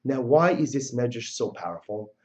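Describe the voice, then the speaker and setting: A male religious teacher giving a passionate lecture on religious texts, telling the story dramatically and moving between loud and soft. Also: mid-range voice, animated, moderate pace, lo-fi sound.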